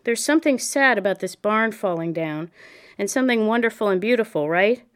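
A gruff, blunt older male poetry professor who mumbles and huffs out short laughs, as a woman narrator reads him. The tone is smooth and clear, sitting at a middle pitch. It is storybook dialogue from an audiobook. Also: expressive, a little fast, natural voice. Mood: coaxing. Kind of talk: audiobook character reading.

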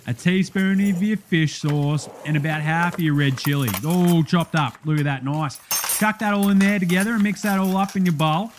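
A man's voice: sits high, a little hiss or hum, voice pushed up, natural voice. A man with an Australian accent voicing a brash, blokey male TV cook who jokes and laughs with his studio audience. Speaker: podcast host in a comedy bit.

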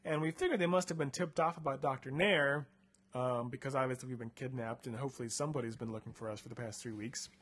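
A man's voice: mid-range voice, quick pace, fairly bright tone, breathy edge. A young man casually retelling a story on a comedy podcast, chatty and playful, with lots of filler words. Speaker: podcast host reading a choose-your-path book aloud.

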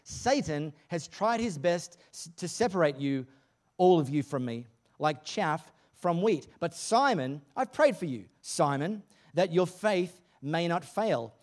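A man voicing a calm, gentle male teacher who speaks to a follower in a slow, measured, earnest way. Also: a little high.

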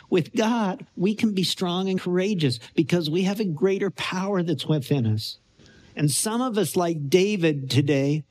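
A man's voice: sits high, a little mellow. A middle-aged male pastor preaching a sermon with earnest storytelling that rises to emphatic points.

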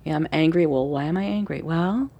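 A woman coach calmly explaining her practice in a thoughtful, unhurried conversational way. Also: low-pitched, creaky, husky, highs cut off. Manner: gentle, thoughtful, unhurried with frequent fillers. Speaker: forgiveness coach and workshop leader.

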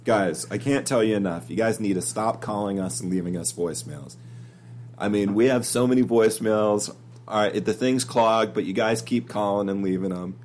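Male podcast co-host, lower voice, playful banter, faint hum behind. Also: normal speed, darkish tone. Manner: joking, laughs often, teasing.

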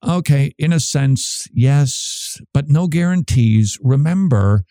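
A man's voice: fairly high pitch, animated, takes it slowly, dark tone, no room sound. A man from Minnesota hosting a show, giving a casual Bible talk and asking and answering his own questions. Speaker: podcast host.

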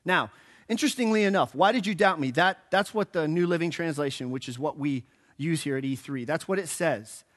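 A man's voice: fairly high pitch, a little fast. A man preaching a sermon in church, telling the story casually and playfully, with a joke now and then. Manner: animated storytelling, acting out quotes; casual and joking. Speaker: pastor.

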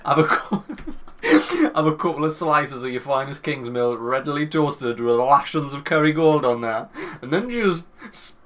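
A man's voice: fairly high pitch, normal speed. A young man from Northern England with a Northern English accent, co-hosting a podcast and swearing as he jokes and tells stories. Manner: swearing, laughing, animated storytelling. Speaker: podcast co-host. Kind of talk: casual podcast banter.

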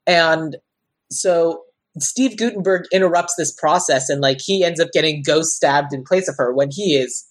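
A woman's voice: low-pitched, moderate pace. A woman co-hosting a podcast, chatting loosely about a movie with lots of "like" and restarts. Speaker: podcast co-host. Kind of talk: casual chat about a movie.

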